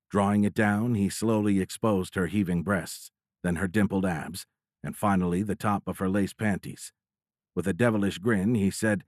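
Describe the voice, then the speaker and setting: A man with a low voice narrates an audiobook in a steady, measured storytelling manner. The recording is dry and studio quality.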